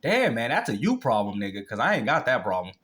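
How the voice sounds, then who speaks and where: A man's voice: medium pitch, huge pitch swings, quick pace, fairly bright tone. A man hosting a reaction video, mocking and cursing in blunt, casual commentary. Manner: blunt, mocking, profane trash talk.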